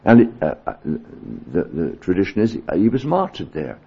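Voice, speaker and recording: A man preaching a sermon, earnest, swinging between emphatic peaks and quiet low passages. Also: wildly swooping pitch, a little slow, creaky, husky. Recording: dull lo-fi sermon recording.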